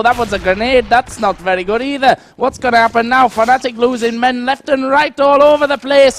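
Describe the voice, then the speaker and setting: Casting: man doing a hammy Northern Irish esports caster, high voice. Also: fairly bright tone. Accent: put-on Northern Irish. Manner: hammy, playful. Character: man commentating in a put-on Northern Irish accent. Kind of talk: esports play-by-play commentary.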